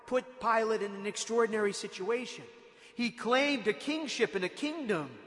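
A man's voice: extremely high pitch, pushed and bright, big-room sound. A man preaching a sermon, retelling scripture with dramatic emphasis and sudden rises in force.

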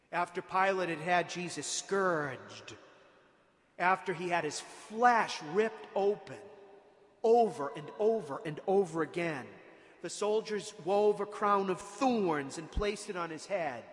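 A man's voice: high voice, lively intonation, measured pace, fairly bright tone, in a large hall. A man preaching a sermon, retelling scripture with dramatic emphasis and sudden rises in force.

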